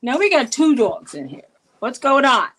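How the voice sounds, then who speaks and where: A middle-aged woman co-hosting a casual live chat, animated and coaxing her pet in a high baby-talk voice. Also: normal speed, breathy edge. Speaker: co-host of a live chat show.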